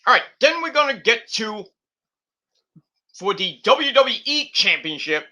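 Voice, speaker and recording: A man's voice: very high-pitched, very animated, takes it slowly, long pauses, bright, forceful tone. A man hosting a casual wrestling predictions show, rambling off the cuff with cursing and mocking nicknames. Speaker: host.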